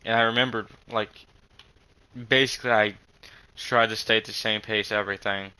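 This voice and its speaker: A young man telling a rambling story in casual chat, halting with many fillers and frequent swearing. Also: on the low side, steady tone, bright, forceful tone, clean tone, rough recording.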